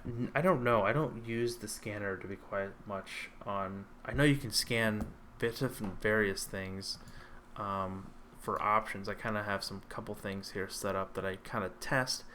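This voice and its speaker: Low-voiced man chatting casually about trading. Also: normal speed, sharp tone, a little hiss or hum. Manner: conversational, hesitant with many ums and restarts. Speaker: stock trading livestream host. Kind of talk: casual livestream chat answering viewer questions.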